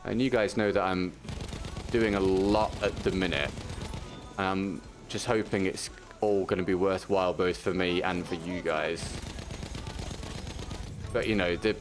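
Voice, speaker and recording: Male streamer, low voice, laid-back supportive chat over faint game music. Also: unhurried, long pauses. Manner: supportive, talks to viewers while gaming, frequent restarts. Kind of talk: casual chat while playing.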